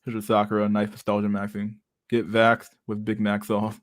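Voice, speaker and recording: A man's voice: on the low side, completely flat delivery, normal speed. A man giving casual, rambling livestream commentary on pictures, swearing constantly and laughing often. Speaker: streamer reacting to pictures.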